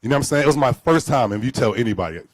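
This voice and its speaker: Man, live stage storyteller, profane, animated, acts out dialogue, dry close sound, mid pitch. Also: racing, no echo. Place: live event venue.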